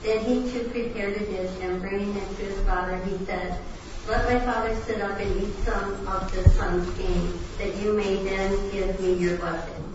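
A woman's voice: mid-range voice, normal speed. Distant woman reading scripture in an echoey room. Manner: steady, plain reading with small slips. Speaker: class reader. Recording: distant, echoey, lo-fi with background noise.

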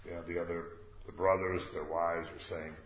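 A man with a low voice leads a scripture study, chatting loosely and breaking in with wry jokes and questions. The room is echoey and the sound is dull and lo-fi, with faint noise under it. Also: level tone, normal speed. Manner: chatty, joking asides, rhetorical questions. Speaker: Bible study teacher. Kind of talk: informal scripture commentary.

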